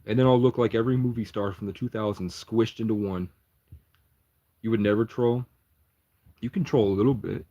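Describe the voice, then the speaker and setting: A man's voice: fairly low pitch, fairly even intonation, normal speed, long pauses, mellow, highs cut off. A man livestreaming and chatting to his viewers, rambling and swearing as he talks. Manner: profane, rambling, answers chat.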